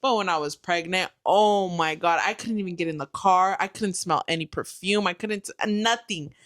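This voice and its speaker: A woman's voice: fairly low pitch, moderate pace, fairly bright tone. A young woman, a new mother, tells a story in casual chat, swearing freely and acting out the quotes.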